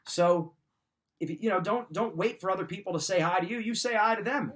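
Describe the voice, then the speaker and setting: A middle-aged man with a slightly raised pitch gives a motivational coaching talk. He speaks in a firm, emphatic, direct way. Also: brisk, fairly bright tone. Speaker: wrestling mindset coach.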